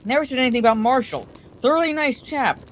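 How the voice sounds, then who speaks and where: A woman voicing a rambling, blustering older man with a hoarse, wheezy voice, in a bedtime story reading. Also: medium pitch, very animated, normal speed, slight background noise, natural voice.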